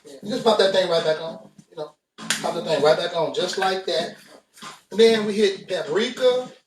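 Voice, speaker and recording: This is a relaxed, talkative cooking demonstration from a U.S. host addressing viewers while he cooks at home. His voice sits high and his pace is moderate. There's a faint hiss or hum, plus echo from a far-off mic in the kitchen.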